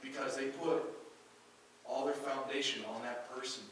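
A pastor preaching a sermon, reading scripture aloud and earnestly repeating key phrases. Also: male voice, mid-range voice, fairly even intonation, normal speed, a bit bright, slight background noise. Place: church sanctuary. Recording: very echoey church hall, mic far off.

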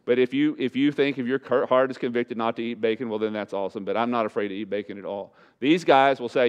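A man preaching a sermon as pastor, his voice rising loud and slowing down to hammer points home. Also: medium pitch, clear, resonant tone, dull audio. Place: church sanctuary.

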